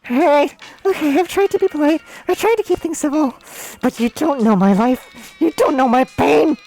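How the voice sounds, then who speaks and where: A woman's voice: high-pitched, normal speed, darkish tone, pitched above the performer's own voice. A woman voicing a haughty, defensive young female alien celebrity who argues indignantly, read aloud from a video game.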